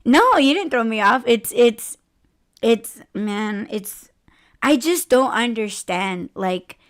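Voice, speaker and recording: A woman in her forties hosts a podcast, her voice pitched on the high side and animated, moving at a slow pace. She chats candidly, laughing often and swearing freely.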